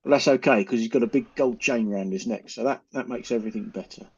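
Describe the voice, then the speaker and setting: A man's voice: mid-range voice, fast, husky. A middle-aged man on a video call, telling stories and mocking someone in casual group banter. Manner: ranting, mocking, animated storytelling. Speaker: panelist on an online chat show. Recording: muffled lo-fi call audio.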